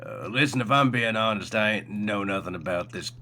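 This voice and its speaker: A man's voice: on the low side, fairly quick, sharp tone, slight background noise. A man voicing a blunt, crude male talking sword with a coarse, folksy way of talking. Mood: gruff.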